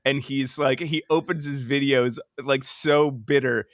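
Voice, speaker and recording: A man co-hosting a podcast in casual chat, telling stories quickly and laughing often. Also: mid-range voice, steady tone, dry recording, studio quality. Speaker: podcast co-host.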